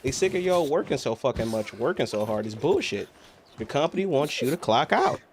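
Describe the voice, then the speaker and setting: A man's voice: medium pitch, very animated, a little fast, a little hiss or hum. A man streaming a video game, chatting casually with a friend, teasing and swearing. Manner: teasing, profane, laughs often. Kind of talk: casual gaming chat.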